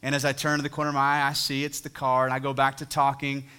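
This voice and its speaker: Bright-voiced pastor preaching a sermon. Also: male voice, mid-range voice, completely flat delivery, fast, smooth. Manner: earnest, storytelling with dramatic voiced quotes. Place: church sanctuary.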